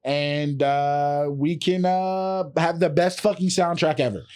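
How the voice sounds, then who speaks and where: A man with a slightly high voice chats loosely on a comedy podcast. He swears freely, laughs a lot, and rambles through anecdotes in a relaxed, joking way. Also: slow pace, clean tone. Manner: loose, profane, laughs often. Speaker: podcast co-host. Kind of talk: casual comedic chat.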